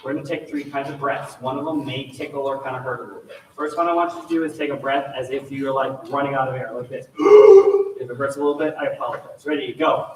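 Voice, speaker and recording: A man directing a choir rehearsal, giving energetic coaching instructions and demonstrations to the singers. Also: medium pitch, fast talker, few pauses, a little hiss or hum. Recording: echoey room, mic far off, faint ambience.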